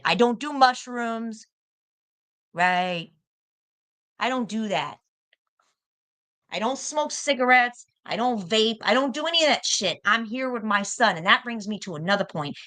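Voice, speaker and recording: A young woman with an American accent argues on a livestream, her voice bright and sharp. She is confrontational and profane, and she repeats her points again and again to drive them home. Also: medium pitch, animated, moderate pace. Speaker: livestream guest. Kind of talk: heated livestream argument.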